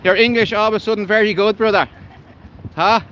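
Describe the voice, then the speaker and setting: A man's voice: sits high, steady tone, a little fast, a bit bright, slight background noise, poor audio. An Irish man livestreaming while walking his dog by a canal, talking bluntly and heatedly with lots of swearing. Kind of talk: live walking vlog.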